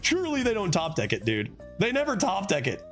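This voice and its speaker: A man with a high-sitting voice streams a card game, talking a little fast over soft background music. His casual gameplay commentary is animated, full of swearing and frequent bursts of laughter.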